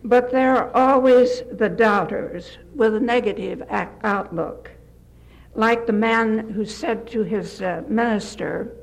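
An older retired woman giving a gentle devotional talk, telling stories with occasional slips and restarts. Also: a little high, slow pace, gravelly, poor audio. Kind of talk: folksy devotional talk with anecdotes.

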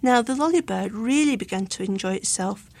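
Woman storyteller, slightly high voice, gravelly edge, dry close recording, expressive reading. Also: brisk, no room sound. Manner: clear expressive narration.

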